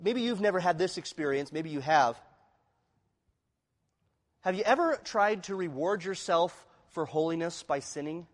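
A man preaching a sermon, shifting from quiet, confessional passages to loud, emphatic ones and acting out the voices of inner struggle. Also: on the high side, expressive, normal speed, long pauses, long reverb tail. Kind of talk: expository sermon.

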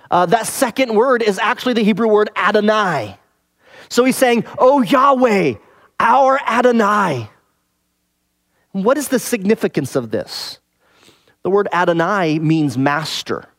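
High-voiced male preacher, teacherly. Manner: measured, teacherly, pausing to rephrase. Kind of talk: expository sermon.

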